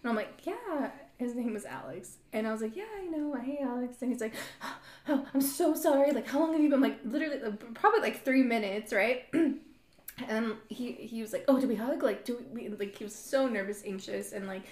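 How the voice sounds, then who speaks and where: A woman's voice: a little high, moderate pace. A woman in her thirties hosting a podcast, telling a story in casual chat, acting out quotes and laughing often. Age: 30s. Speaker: podcast host. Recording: roomy echo.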